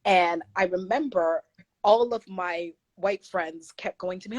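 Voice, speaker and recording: Earnest woman with a husky voice. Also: lowish voice, a little slow, no room sound. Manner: earnest, emphatic, acts out quoted voices. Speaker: guest author. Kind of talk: candid interview conversation.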